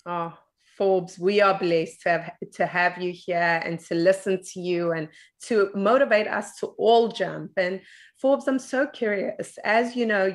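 A woman hosting a summit, thanking the speaker effusively and asking her a question. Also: on the low side. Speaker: summit host. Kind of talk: interviewing the speaker.

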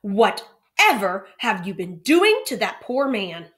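A woman's voice: a little high, animated, fast talker, fairly bright tone, pitched above the performer's own voice. A woman voicing a fussy, old-fashioned female teacher with a prim way of speaking. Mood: shocked.

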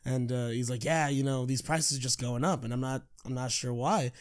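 Young male podcast co-host, casual storyteller who laughs easily, mid-pitched voice. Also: moderate pace. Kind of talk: casual chat.

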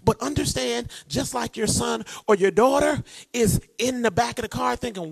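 A man preaching a sermon, animated and conversational, drawing responses from the congregation. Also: very high-pitched, moderate pace, gravelly, husky, no echo. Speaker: pastor.

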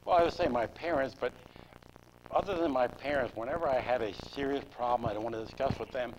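An older man answering interview questions in a plain, steady storytelling manner. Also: medium pitch, brisk. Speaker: guest. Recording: noisy 2002 local cable recording.

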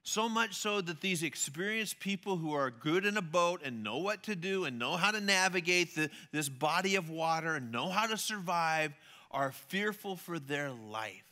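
A man preaching a sermon in a church, telling a story with animated, acted-out voices. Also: on the high side, normal speed. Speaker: pastor.

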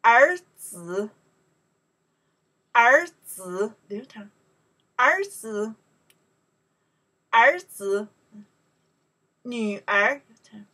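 Bright, breathy woman teaching pronunciation. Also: a little high, expressive. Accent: Mandarin Chinese. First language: Chinese. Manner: slow, repeats words for learners, louder on the Chinese examples. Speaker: Chinese teacher. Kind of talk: pronunciation lesson.

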